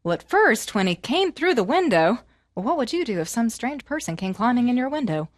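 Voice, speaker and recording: A woman storyteller with a bright, slightly high voice leads a fairy tale for children, animated and prompting everyone to join in. The recording is close and dry, with no room echo. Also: fairly quick.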